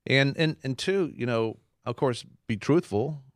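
A man's voice: mid-range voice, unhurried, no room sound, studio quality. A man co-hosting a Christian talk show, preaching earnestly in casual conversation and acting out quotes. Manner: earnest, animated, acts out quotes.

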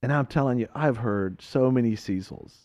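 A man's voice: medium pitch, normal speed, a little mellow, dry recording, studio quality. A man hosting a radio talk show, telling a story with laughs and acted-out quotes, then drawing a faith lesson from it.

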